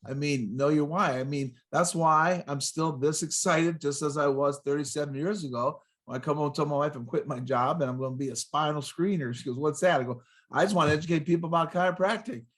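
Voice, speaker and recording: A man in his sixties, a guest motivational speaker on a podcast, talking in an excitable, punchy way with rhyming catchphrases and jumping from story to story. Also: on the high side, a little fast, few pauses. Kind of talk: energetic podcast interview.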